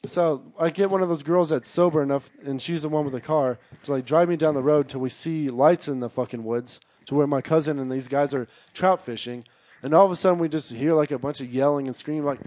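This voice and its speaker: A man telling a long story in casual chat, rambling, swearing constantly, and shouting out the lines of the people he quotes. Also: on the high side, brisk, dry recording. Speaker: storyteller guest.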